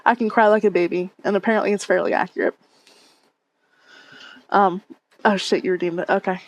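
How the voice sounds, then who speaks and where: A woman's voice: medium pitch, fairly even intonation, brisk, dull audio. A woman streamer chatting casually with her viewers on a headset mic, reading and answering chat and laughing often.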